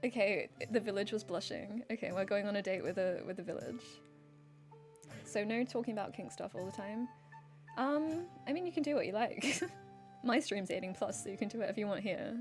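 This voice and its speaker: A woman's voice: mid-range voice, fairly quick, faint music behind. A woman streaming a game, chatting casually and giggling, with many "like"s and "um"s. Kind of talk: casual game livestream chat.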